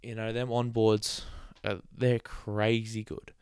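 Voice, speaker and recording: A man with a lowish, smooth, clear voice talks through a casual solo podcast. He rambles along in a chatty way, tossing in sarcastic asides and laughing at his own jokes. The sound is dry and close, with no room echo. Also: flat delivery, slow pace, darkish tone. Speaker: podcast host.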